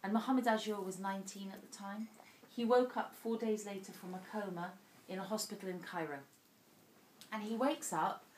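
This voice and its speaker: An invited speaker at a dinner, this woman offers a sincere, emotional account of her own life. She speaks at medium pitch in an indoor dinner hall, recorded from a distance so it sounds roomy, with faint ambience and a little background noise.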